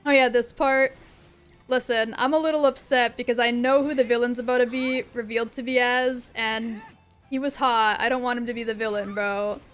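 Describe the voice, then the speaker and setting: High-voiced, excitable woman streamer. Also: moderate pace, clean tone, faint music behind. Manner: excitable, playful, swears a lot. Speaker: game streamer. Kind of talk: casual gaming commentary.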